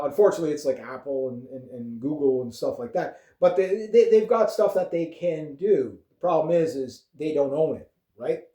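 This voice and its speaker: A man's voice: a little high, warm tone. A Canadian man vlogging a casual political rant, rambling and profane, full of fillers and chuckles. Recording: echoey room.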